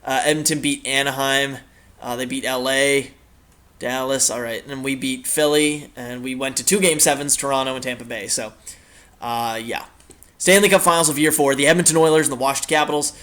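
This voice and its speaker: A man's voice: mid-range voice, steady tone, brisk, fairly bright tone. A young man casually commenting on a hockey video game as its host, rambling with many fillers and the odd swear. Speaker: gaming channel host.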